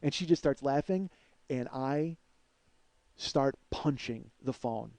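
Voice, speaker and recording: A man's voice: mid-range voice, takes it slowly, vocal fry, dry recording. A middle-aged man telling a heated personal story as a podcast host, swearing constantly and acting out the quotes in it. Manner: profane, heated, acts out quotes loudly. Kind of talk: storytelling monologue.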